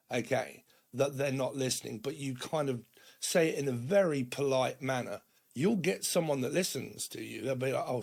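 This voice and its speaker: A man from Britain with a gravelly edge in his speech, reading tarot cards in a loose, rambling monologue. He checks in with listeners through "okay" and "right" and briefly mimics other people's lines in quotes. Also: mid-range voice, darkish tone. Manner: rambling, frequent okay and right tags, puts on quick quoted voices. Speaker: tarot reader.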